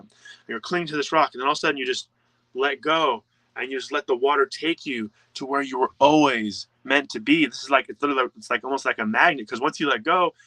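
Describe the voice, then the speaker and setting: A man's voice: mid-range voice, pushed and bright, no echo, low-quality recording. A man speaking as a life coach in a live online presentation, earnest and full of fillers. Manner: earnest, talkative, filler-heavy.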